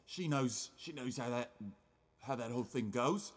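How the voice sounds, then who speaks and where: A man's voice: mid-range voice, normal speed, husky, lightly acted. A man playing an eager, rambling old circus ghost in an improvised comedy scene. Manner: hesitant, rambling with many ums.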